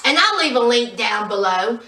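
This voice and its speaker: A woman recapping a reality show in a sassy, animated casual chat, acting out the people she quotes. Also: a little high, normal speed, far from the mic, faint music behind. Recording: echoey room, voice a bit off-mic.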